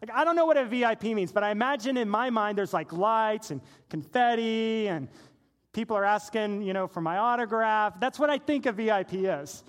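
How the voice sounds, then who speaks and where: Animated high-voiced preacher man. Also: fairly quick. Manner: animated, playful, acts out voices in anecdotes. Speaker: pastor. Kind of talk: sermon with personal storytelling.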